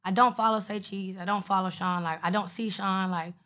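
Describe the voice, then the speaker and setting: A woman rapper speaks in a relaxed, profane interview chat. She sits at a mid pitch for a woman and tells her stories bluntly, quoting other people as she goes. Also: a little fast. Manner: blunt, profane, retells exchanges with quoted voices. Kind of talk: casual interview storytelling.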